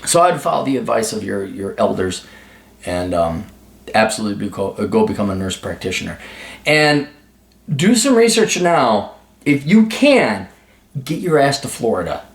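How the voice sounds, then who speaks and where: A man's voice: on the low side, big pitch swings, moderate pace, vocal fry, roomy sound. A man hosting an advice video, giving blunt, profane, sarcastic answers in a ranting monologue. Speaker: advice show host.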